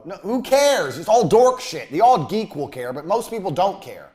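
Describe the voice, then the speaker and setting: A man with a somewhat raised pitch delivers a business lecture to students in a university room. His talk is blunt and crude. It lurches from loud, forceful emphasis to quiet, throwaway asides. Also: very animated, normal speed, few pauses. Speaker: business speaker.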